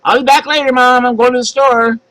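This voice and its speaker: A man's voice: extremely high pitch, flat delivery, a little fast, fairly bright tone, no room sound, pitched above the performer's own voice, low-quality recording. A man voicing a whiny young child who makes excuses to avoid chores. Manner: pleading, excuse-making.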